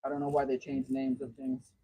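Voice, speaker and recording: A man's voice: medium pitch, completely flat delivery, a little fast, dark tone, husky, poor audio. A man hosting a casual livestream from home, telling long rambling stories in a chatty way. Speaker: livestream host.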